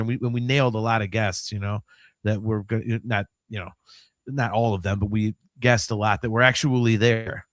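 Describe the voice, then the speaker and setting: Animated fifty-year-old man, dry mic. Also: mid-range voice, no echo. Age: 50s. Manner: animated, swings from mumbling to loud outbursts; swears freely. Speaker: podcast host. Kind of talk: casual chat.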